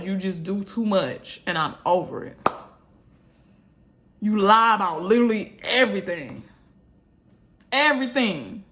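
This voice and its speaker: A woman's voice: a little high, a bit bright. Exasperated woman ranting to viewers. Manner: blunt, exasperated, repetitive. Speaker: vlogger. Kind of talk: venting rant to viewers.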